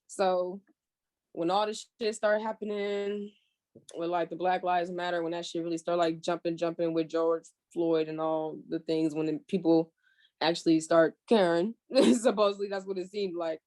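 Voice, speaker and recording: A woman's voice: fairly low pitch, moderate pace. A young woman from California, a podcast guest, telling her story in casual chat, swearing freely and acting out what she said back then. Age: young adult. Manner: animated storyteller, swears freely, acts out her own past remarks.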